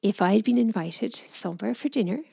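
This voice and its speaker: A middle-aged woman telling a personal story in a gentle, soft-spoken, reflective way. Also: mid-range voice, lively intonation, fairly quick, vocal fry, husky, no echo, studio quality. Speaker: speaker sharing personal experience.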